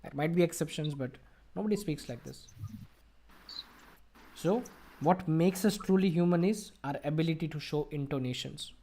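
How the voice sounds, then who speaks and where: A man's voice: on the high side, normal speed, long pauses, mellow. A man with an Indian English accent teaching an online English speaking class, explaining and quizzing his students. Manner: explanatory, asks the class questions. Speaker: IELTS tutor.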